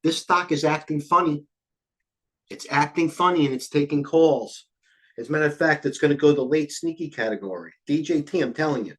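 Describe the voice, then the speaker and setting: An older man hosting a live trading stream, talking quickly and jumping between stock tickers, a little out of breath. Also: on the high side, fairly bright tone. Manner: rapid, scattered, jumps between tickers. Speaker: trading show host. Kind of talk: live market commentary.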